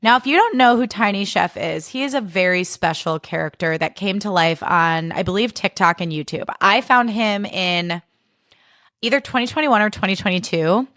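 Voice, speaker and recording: A young woman hosts a podcast alone in a candid, emotional, casual way and swears without holding back. Her voice sits at an ordinary middle pitch for a woman. It is recorded close and dry, with no room sound. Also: normal speed, fairly bright tone, no room sound. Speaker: podcast host. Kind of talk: casual solo chat.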